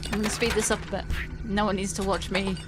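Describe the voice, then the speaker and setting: Loud music plays behind this British gaming host, who talks fast in a mid-range, level voice. Recording at home, she reads the game's text aloud in casual, playful commentary, giggling often and dropping asides.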